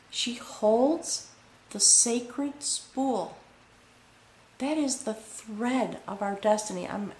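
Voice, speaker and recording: A woman giving a spiritual tarot reading, earnest and full of pauses, often checking in with "okay?". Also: a little high, darkish tone, slight background noise. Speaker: tarot reader. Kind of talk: spoken tarot reading to camera. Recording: echoey room with faint ambience.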